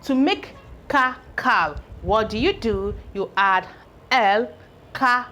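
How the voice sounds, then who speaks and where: A woman leads a spelling lesson, stretching out each sound as she builds words from syllables. She speaks slowly and deliberately, stopping often to check that her learners are keeping up. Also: on the high side, animated, bright, forceful tone, slight background noise. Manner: slow, drawn-out syllables, sounding out each piece; asks learners if they follow. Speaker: English teacher. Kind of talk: phonics lesson at a board.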